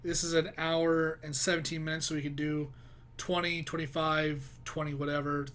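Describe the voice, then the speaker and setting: A man's voice: on the high side, level tone, moderate pace, fairly bright tone. A man hosting a reaction video, chatty and rambling in casual commentary. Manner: chatty, rambling, laughs easily.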